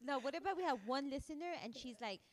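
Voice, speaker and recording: Brief: woman co-host, teasing banter, slightly high pitch, bilingual chatter. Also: quick pace. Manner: teasing, switches into Spanish. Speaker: podcast co-host. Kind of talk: casual chat.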